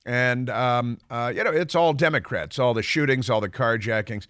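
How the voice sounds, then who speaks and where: A man's voice: mid-range voice, moderate pace, a bit bright, smooth, no room sound. A man hosting a political talk radio show, rambling through a sarcastic, mocking monologue into a studio microphone.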